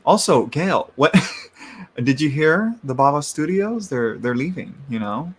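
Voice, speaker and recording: Hosting a casual tarot livestream into a large microphone, a man chats in a rambling way, laughs often, and greets viewers by name. His voice is fairly high and husky, animated yet measured in pace.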